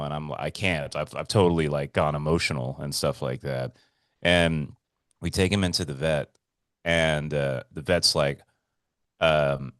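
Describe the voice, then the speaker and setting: Male podcast host, low voice, dry close mic, excitable storyteller who swears and repeats himself. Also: moderate pace, dry recording. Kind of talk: casual storytelling chat.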